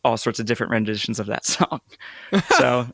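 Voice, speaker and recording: A man's voice: medium pitch, a little fast, creaky, no room sound, clean studio sound. A man in his thirties co-hosting a podcast, chatting casually and telling stories with lots of "like". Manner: relaxed, storytelling with filler "like". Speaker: podcast co-host. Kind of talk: casual chat.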